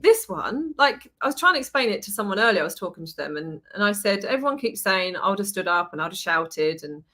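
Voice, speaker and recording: A woman hosting a podcast, telling a story in a lively, chatty way, swearing and acting out what people said. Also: mid-range voice, quick pace, few pauses. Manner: animated storytelling, swears, acts out quotes. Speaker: podcast host. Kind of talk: casual chat.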